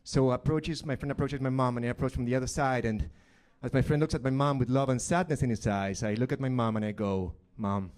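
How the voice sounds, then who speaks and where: A middle-aged man from Argentina, telling a deadpan, dark personal story in stand-up. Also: medium pitch, fast, hardly any pauses. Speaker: stand-up comedian. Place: live comedy stage.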